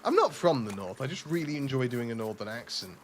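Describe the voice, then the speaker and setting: A man from southeast England casually commenting while streaming a game, animated and self-mocking, with a faint trace of a lisp on his S sounds. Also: mid-range voice, fast, slight background noise.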